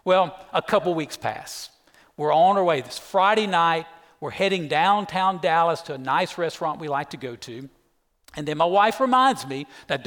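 Middle-aged pastor with a slightly high voice. He preaches emphatically in an echoey church hall. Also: animated, normal speed, fairly bright tone. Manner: emphatic storyteller, keeps saying "listen". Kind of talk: sermon with a personal story. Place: church sanctuary.

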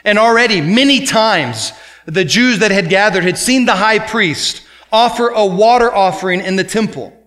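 A man delivers a sermon in a high-pitched voice. His tone is bright and forceful. He swings between loud, emphatic exhortation and quieter, explanatory passages. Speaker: pastor.

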